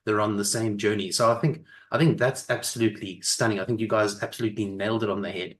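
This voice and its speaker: A man's voice: on the low side, steady tone, fast. A man hosting a group video call, playful and teasing in a casual chat. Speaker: host of an online group session.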